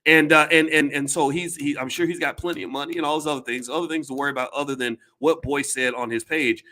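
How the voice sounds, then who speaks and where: A man's voice: a little high, steady tone, fast, pushed and bright. A man giving casual commentary to his audience, blunt and emphatic, with some swearing, often repeating words and restarting his sentences.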